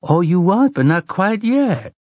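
A man's voice: high voice, big pitch swings, measured pace, a little mellow, dry recording, lo-fi sound, voice pushed up, exaggerated voice. A man voicing a brassy, teasing grown woman traveler in a storybook reading, with a sassy drawl.

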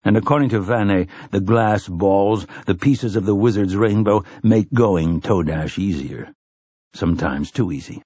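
A man voicing a grim, laconic gunslinger in a storybook reading, speaking terse and measured. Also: lowish voice, a little mellow, husky, no echo, clean studio sound. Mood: grave.

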